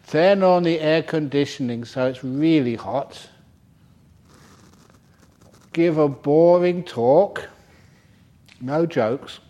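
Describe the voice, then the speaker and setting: A man's voice: a little high, drawn-out words, long pauses, dark tone. A man voicing a sly senior male monk giving tongue-in-cheek advice, close to his own voice.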